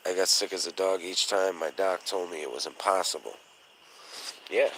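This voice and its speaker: A man's voice: low voice, pushed and bright, slight background noise, low-quality recording. A man hosting a casual livestream chat, telling stories in a blunt, profane way and acting out the voices of people he quotes. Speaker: podcast host.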